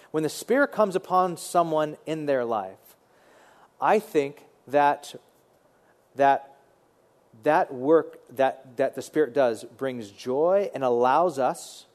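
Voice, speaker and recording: A man preaching a sermon in a conversational, animated way, often repeating words as he thinks. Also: mid-range voice. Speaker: pastor.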